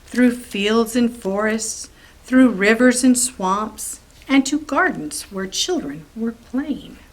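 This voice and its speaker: A woman librarian reads a rhyming picture book aloud for preschoolers. She takes her time and lets her pitch rise and fall, her voice sitting a little high. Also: takes it slowly, low-quality recording. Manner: expressive, sing-song read-aloud. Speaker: children's librarian storyteller.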